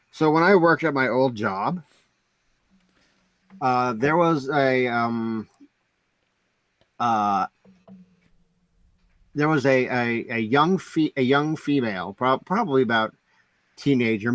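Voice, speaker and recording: A man's voice: medium pitch, expressive, slow, long pauses, a bit bright, dry recording. A man co-hosting a podcast in casual chat, telling stories in a rambling way with many fillers. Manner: rambling storyteller, heavy on "like". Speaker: podcast co-host.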